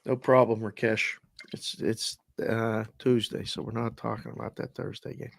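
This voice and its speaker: A man's voice: fairly low pitch, flat delivery, normal speed, gravelly, no echo, studio quality. Wry, teasing man on a betting podcast. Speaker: co-host. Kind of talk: casual sports betting chat.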